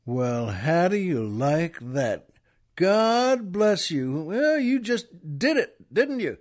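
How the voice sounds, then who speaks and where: A man playing a big, loud, brash Texan cowboy who booms out slow, boastful lines. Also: big pitch swings. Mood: hearty. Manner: booming, drawn-out boasting.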